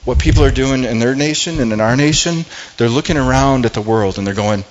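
A man's voice: mid-range voice, brisk. Man preaching a conversational sermon, lo-fi. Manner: conversational preaching with frequent repeated words and restarts. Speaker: pastor.

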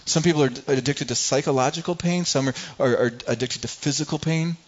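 A man's voice: fairly high pitch, quick pace, highs cut off. A middle-aged man preaching a sermon in a conversational way, often repeating words and acting out everyday people. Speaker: pastor.

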